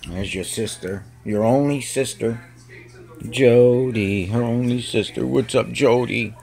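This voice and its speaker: Filming on his phone at home, a man coos fondly at his cats in a casual home video. His medium-pitched voice is unhurried, creaky, and a little mellow.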